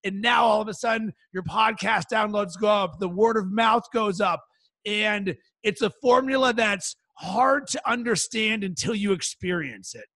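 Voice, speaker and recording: A man coaching a podcaster in casual conversation, enthusiastic and emphatic, with a gravelly voice. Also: sits high, moderate pace, bright, forceful tone, dry recording.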